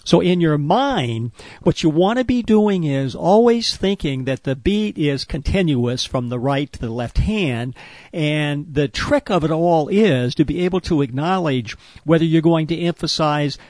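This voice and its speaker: A man's voice: fairly high pitch, expressive, a little slow, a little mellow, dry recording. A man patiently explaining a rhythm and movement exercise step by step, with the odd filler. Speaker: wellness instructor.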